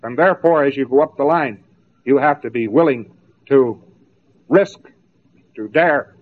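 A man's voice: mid-range voice, measured pace. A man giving a spoken lecture, mocking and sarcastic as he tells stories to make his point. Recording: tinny narrow-band old tape.

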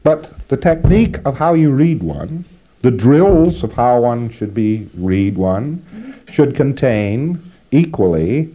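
A man's voice: medium pitch, very animated, slow pace, highs cut off. A man giving an instructional lecture, rambling and emphatic, acting out drills as he explains.

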